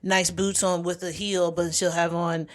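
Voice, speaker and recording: Chatty low-voiced woman recapping a show. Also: flat delivery. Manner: chatty, acts out characters' lines in quick voices. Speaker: podcast co-host. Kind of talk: casual chat recapping a TV show.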